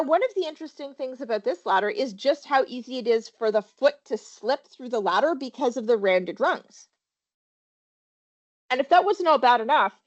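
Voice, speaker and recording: A woman's voice: a little high, lo-fi sound. A woman workplace safety trainer giving a webinar presentation, talking animatedly and quizzing her listeners with questions.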